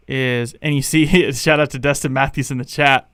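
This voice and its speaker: A young man hosts a live fan podcast, rambling through opinions and shouting out the chat. His voice has a gravelly edge yet stays smooth and resonant. The sound is dry and close. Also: medium pitch, fairly even intonation, measured pace, no room sound. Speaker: podcast host.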